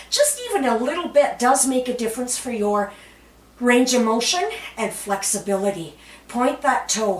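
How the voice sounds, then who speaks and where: A Canadian fitness instructor with a fairly high voice leads a floor workout at an unhurried pace, giving calm cues while chatting, laughing at herself and letting out cheerful whoops. She sounds slightly out of breath. The camera mic sits some distance away in a roomy space, so her voice echoes.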